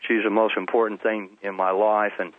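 A phone-in guest, a middle-aged Texan, tells his personal testimony earnestly but in a flat delivery, at a moderate pace and fairly low pitch, with some restarts. It's a dry recording over a tinny telephone line.

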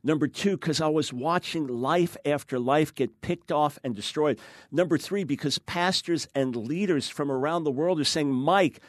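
An emphatic man talking through scripture in a lively discussion, his voice sitting a little high. The sound is dry and close, with no room around it. He drops into quoted voices to make his points. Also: moderate pace, dry recording. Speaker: guest author. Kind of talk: animated theological discussion.

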